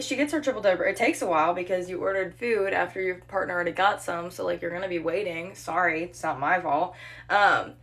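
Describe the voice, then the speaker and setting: A young woman, a restaurant server, telling a casual storytime about a customer with sarcastic, animated delivery and mock-sweet quoted voices. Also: on the low side.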